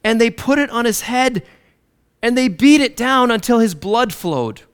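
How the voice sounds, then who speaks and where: A man preaching a sermon, swinging between loud declarations and low, hushed lines. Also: animated, a little slow, clean tone.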